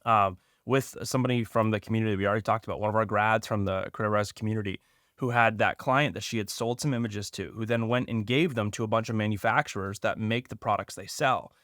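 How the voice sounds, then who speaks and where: A man's voice: on the low side, steady tone, quick pace, a bit bright, dry recording, studio quality. A man co-hosting a podcast, laying out tips step by step in an emphatic, casual way. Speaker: podcast co-host. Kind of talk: casual advice chat.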